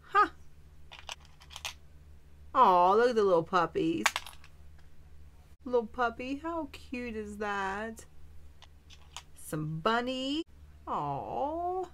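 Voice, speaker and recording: A woman's voice: on the high side, big pitch swings, extremely slow, long pauses, fairly bright tone, slight background noise. A woman vlogger chatting casually as she opens a craft supply swap, gushing with delighted exclamations over each item. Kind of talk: casual unboxing chat.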